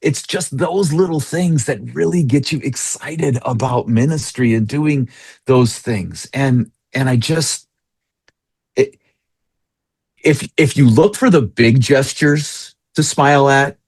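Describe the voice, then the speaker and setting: A man who is a pastor, a guest on an interview, telling lively, joking stories about his church. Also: mid-range voice, slow pace, slightly rough, dry recording. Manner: jokey, animated storyteller. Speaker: associate pastor.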